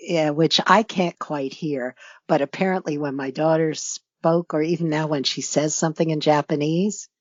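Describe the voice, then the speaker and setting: A woman's voice: low voice, fairly even intonation, moderate pace, no echo. Older new york lady, guest on an interview, rambly and thoughtful, dry muffled sound. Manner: reflective, rambling with many fillers. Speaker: guest author. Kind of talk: casual interview conversation.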